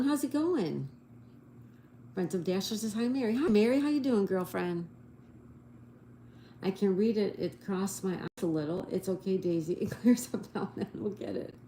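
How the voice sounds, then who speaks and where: A woman's voice: fairly low pitch, dark tone, a little hiss or hum. A woman hosting a casual livestream, chatting with viewers and spelling answers letter by letter, recorded on a phone at home. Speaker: livestream host.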